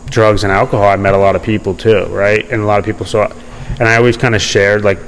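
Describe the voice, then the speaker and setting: Young male podcast guest, casual, restless restarts, slightly low voice, light background noise. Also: flat delivery, quick pace, a bit bright, poor audio. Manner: rambling, many fillers and restarts. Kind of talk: casual storytelling interview.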